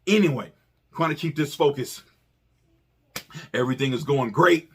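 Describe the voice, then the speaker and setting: A man co-hosting a casual chat, telling a story in an animated, profane way and acting out quotes. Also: mid-range voice, normal speed, slightly rough. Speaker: podcast co-host.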